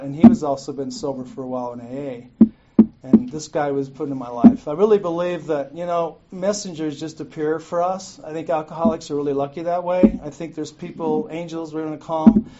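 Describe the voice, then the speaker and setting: A middle-aged man telling his own recovery story to a meeting, candid and profane, often laughing at himself. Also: on the high side. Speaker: guest speaker at a recovery meeting. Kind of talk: personal recovery story told to a group. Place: meeting room. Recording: muffled lo-fi recording with clear noise.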